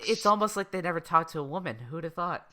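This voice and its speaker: A woman's voice: fairly low pitch, fast talker, a crowd in the background. A woman co-hosting a casual podcast, recapping an anime with jokey asides and casual swearing. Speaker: podcast co-host.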